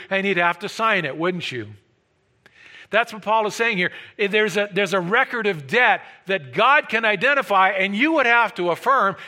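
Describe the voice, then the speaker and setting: Bright high-voiced male preacher. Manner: dynamic preaching, swings from loud emphatic peaks to hushed low asides. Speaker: pastor. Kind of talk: sermon.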